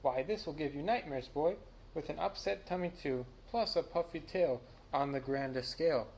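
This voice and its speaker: A man's voice: on the high side, normal speed, gravelly, a little mellow, slight background noise. A man voicing a fussy mother cat who scolds her son. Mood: scolding.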